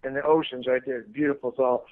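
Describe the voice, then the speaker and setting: A man, a comedian from the San Francisco area, telling animated, profane stories in a casual interview. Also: medium pitch, fast talker, dry recording, phone-quality sound. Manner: animated, profane storytelling with acted-out quotes. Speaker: comedian guest.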